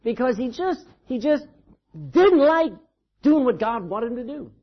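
A man's voice: very high voice, lively intonation, a little slow, highs cut off. A man preaching a sermon in a church, telling the story dramatically and with emphasis. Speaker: pastor.

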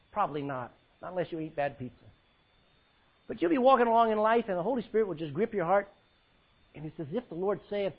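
A male pastor preaching a sermon, swinging between loud cries and hushed words as he quotes scripture in old-fashioned style. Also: high-pitched, husky, muffled recording.

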